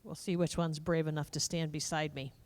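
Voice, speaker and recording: A woman's voice: sits low, level tone, fairly quick. A woman emceeing a live state fair event on a corded handheld mic, folksy and enthusiastic. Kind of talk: live stage hosting. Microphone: corded handheld microphone.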